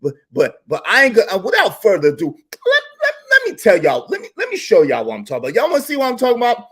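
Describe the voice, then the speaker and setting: A man hosting a casual live stream, telling a story in an animated, slangy style with lots of repetition. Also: very high voice, very fast, slightly rough. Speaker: YouTube live stream host.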